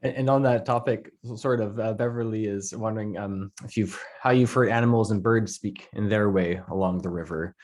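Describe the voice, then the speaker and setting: A man hosts an online talk and passes along the audience's questions over a video call. He sounds friendly, fills his pauses with ums and uhs, and speaks in a somewhat low voice. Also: steady tone, a little mellow. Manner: friendly, with um and uh fillers. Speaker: presentation host. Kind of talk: moderating a Q&A.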